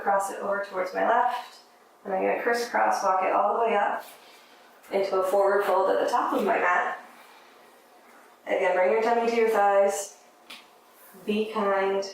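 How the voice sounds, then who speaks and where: A woman teaching a yoga class, giving gentle, encouraging step-by-step cues for breath and movement. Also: mid-range voice, vocal fry, a little hiss or hum. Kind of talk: guided yoga class instruction. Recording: very echoey room, mic at a distance.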